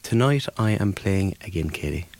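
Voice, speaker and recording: An Irish man talks casually as a DJ guest in a radio studio, spinning an easygoing story with lots of ums. His voice is on the low side and comes across close and dry. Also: expressive, normal speed, darkish tone, no room sound. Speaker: DJ and producer guest. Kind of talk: casual radio interview chat.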